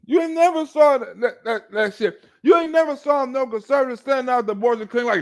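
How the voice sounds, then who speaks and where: A man's voice: very high voice, quick pace, few pauses. A man giving a profane, mocking political monologue as a streamer. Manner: mocking, rants and acts out chants.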